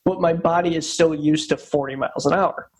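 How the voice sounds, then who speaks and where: A man's voice: a little high, fairly even intonation, fairly quick, slightly rough. A man co-hosting a casual podcast, telling a rambling, profane story and repeating himself a lot. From Upstate New York. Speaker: podcast co-host. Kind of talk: casual chat.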